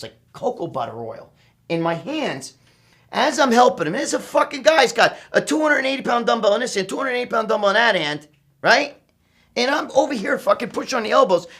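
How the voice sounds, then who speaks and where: A husky, high-voiced man from New York tells a profane, casual story, swearing constantly. He is animated and rambling.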